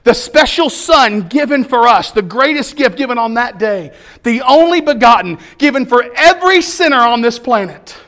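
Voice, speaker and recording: Brief: male pastor preaching, high-pitched, rhythmic repeated phrases, emphatic delivery. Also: animated, moderate pace, fairly bright tone. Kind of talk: sermon.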